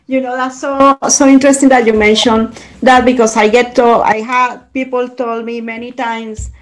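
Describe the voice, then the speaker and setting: A woman's voice: fairly high pitch, level tone, moderate pace. A woman from Colombia with a thick Colombian Spanish accent, interviewing a guest with enthusiasm and frequent restarts. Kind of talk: interview conversation.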